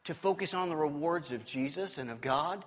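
A man's voice: a little high, normal speed. A male pastor preaching a sermon in a candid, conversational way, asking his listeners questions. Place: church sanctuary. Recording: long hall reverb.

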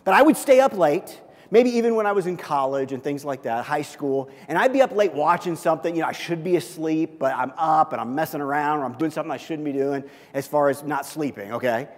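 Animated high-voiced preaching man. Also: a little fast, in a large hall. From Kansas City area. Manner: animated, conversational preaching with asides. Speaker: pastor. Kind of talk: sermon.

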